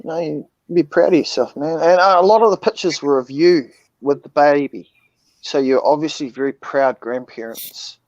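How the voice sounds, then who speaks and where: A man's voice: on the high side, normal speed, no room sound. A man in his forties chatting casually over a phone call, rambling and hesitant. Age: 40s. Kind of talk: casual chat.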